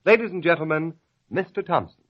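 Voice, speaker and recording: A man's voice: on the high side, animated, fairly quick. A man working as a radio announcer, giving a formal 1930s-style introduction. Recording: dull old radio recording.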